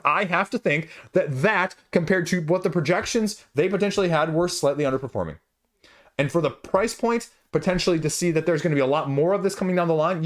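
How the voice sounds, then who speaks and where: Passionate, emphatic man, slightly high voice. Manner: passionate, emphatic, jumps in pitch when worked up. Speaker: board game channel host. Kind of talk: casual opinion rant to camera.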